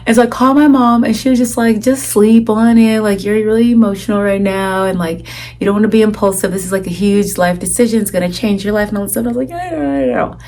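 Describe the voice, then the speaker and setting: A young woman vlogging, telling a personal story in a chatty, animated way, full of "like" and acted-out quotes. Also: medium pitch, fast. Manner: chatty, animated retelling with lots of "like" and quoted dialogue. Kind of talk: casual storytelling to camera.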